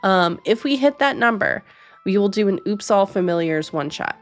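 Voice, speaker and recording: A woman game master wrapping up a stream in casual chat, upbeat and quick to laugh. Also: mid-range voice, expressive, faint music behind.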